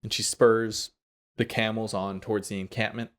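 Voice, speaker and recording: A man narrating a tabletop game as game master, relaxed and quick to laugh. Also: lowish voice.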